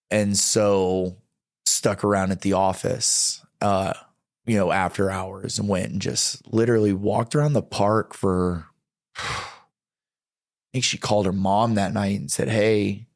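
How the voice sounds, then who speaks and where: A man's voice: fairly low pitch, fairly even intonation, measured pace, creaky, pauses often, dry recording, clean studio sound. A middle-aged man, a podcast guest, telling a personal testimony in conversation, acting out quoted dialogue and stammering when emotional.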